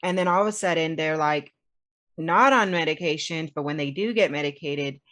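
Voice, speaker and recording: A woman's voice: deep voice, moderate pace, fairly bright tone. A woman hosting a podcast, talking with her guest in a supportive, thoughtful, affirming way. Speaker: podcast host. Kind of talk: casual interview chat.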